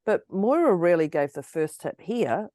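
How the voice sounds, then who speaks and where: A woman co-hosting a podcast, her pitch moving a lot and her tone mellow. She chats casually and giggles easily, and her voice sounds a little husky, as if it's going. The sound is close and dry. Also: moderate pace, dry recording. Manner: giggly, animated and chatty. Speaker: podcast co-host. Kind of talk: casual motivational chat.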